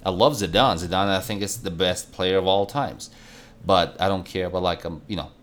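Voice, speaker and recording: A man's voice: low-pitched, brisk, a bit bright. A man from the Salt Lake City area co-hosting a casual sports podcast, emphatic and rambling, often repeating his words. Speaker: podcast co-host.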